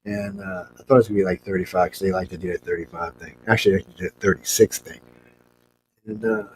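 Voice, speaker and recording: A man's voice: sits low, lively intonation, fast, gravelly, a little hiss or hum. A man telling a long anecdote as a guest on a talk show, rambling, blunt and chuckling as he goes. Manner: rambling, chuckles through his story. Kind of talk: casual anecdotal storytelling.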